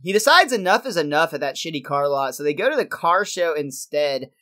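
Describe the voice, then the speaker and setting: A man chatting casually as a podcast co-host, telling the story of an episode in a loose, joking way. He laughs often between lines and keeps a relaxed, everyday tone. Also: fairly high pitch, a little fast. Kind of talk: casual chat recapping a cartoon episode.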